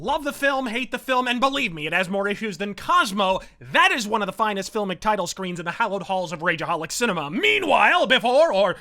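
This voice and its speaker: A man's voice: high voice, big pitch swings, brisk, few pauses, sharp tone. A man hosting a comedic film review, ranting profanely and sarcastically.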